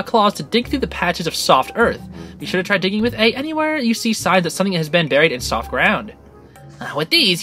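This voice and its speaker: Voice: medium pitch, pushed and bright. A gamer reading aloud the lines of a friendly male mole-like digger creature in an easygoing, chatty way. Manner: reads game dialogue aloud in a chatty, easygoing way. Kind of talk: reading in-game dialogue aloud.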